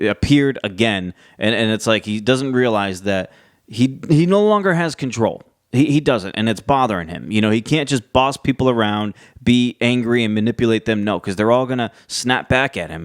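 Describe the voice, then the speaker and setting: A man's voice: mid-range voice, clean tone, no room sound, studio quality. A man casually recapping a wrestling show, chatty, with many fillers and restarts. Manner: chatty, acts out quotes in lively voices.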